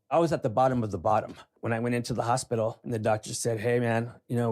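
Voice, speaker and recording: A man's voice: medium pitch, a little mellow. A man in his forties telling a hard personal story in plain, conversational words, full of "you know" fillers and at times close to tears. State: emotional, near tears at times. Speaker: podcast guest.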